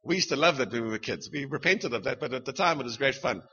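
A man's voice: mid-range voice, animated, quick pace, sharp tone, slightly rough, highs cut off. A middle-aged man with a South African accent preaching a sermon, punchy and humorous, firing rhetorical questions at the congregation.

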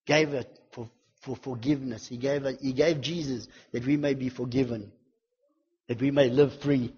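A man preaching a sermon with a fervent delivery, swinging from loud declarations to hushed intensity and building repeated lists and refrains. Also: medium pitch, steady tone, normal speed, slightly rough, in a large hall, dull audio.

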